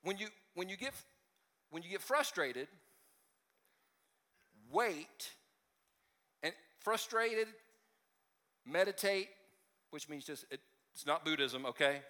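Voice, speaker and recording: A male pastor delivers a sermon in a bright, forceful voice that sits high for a man. He talks conversationally, restarting phrases and slipping in self-deprecating jokes. The sound rings with a long church-hall reverb. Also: lively intonation, slow pace, pauses often. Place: church sanctuary.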